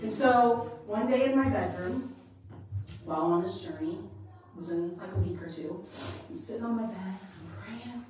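A woman leading women's ministry, preaching a conference sermon as testimony, by turns hushed and fervent. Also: medium pitch, unhurried, recorded from a distance, a little hiss or hum. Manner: impassioned, rising from hushed to loud and fervent. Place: large conference hall. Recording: echoey hall, recorded from afar.

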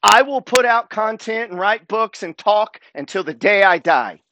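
A man's voice: high voice, expressive, moderate pace, sharp tone, a little hiss or hum. A man giving a motivational monologue as a wealth and trading coach, emphatic and preacher-like, swearing freely.

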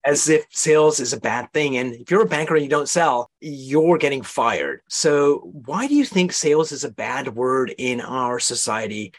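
A man's voice: mid-range voice, lively intonation, moderate pace, few pauses. A man hosting an interview podcast, explaining ideas in a coaching, demonstrative way. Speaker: host.

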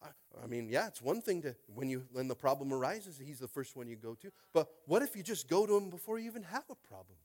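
Man preaching a lively sermon, fairly high voice, swings between loud calls and quiet asides. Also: fast talker, few pauses. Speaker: pastor.

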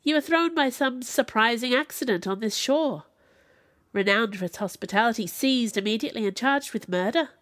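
A woman voicing a stern middle-aged female magistrate who speaks in a formal, measured way. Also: on the high side, dry recording, clean studio sound, natural voice.

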